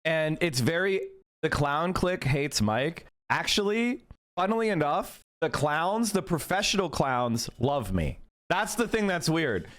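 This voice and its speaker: His voice is a little high, a bit bright and animated, and he speaks a little slowly. Hosting a livestream, this middle-aged man heatedly rants at his chat, indignant, repetitive and frequently profane.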